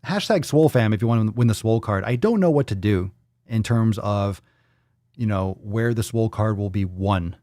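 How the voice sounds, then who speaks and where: A man hosting a casual livestream podcast, rambling and profane as he thinks out loud. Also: lowish voice, moderate pace, dry recording, studio quality. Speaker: podcast host.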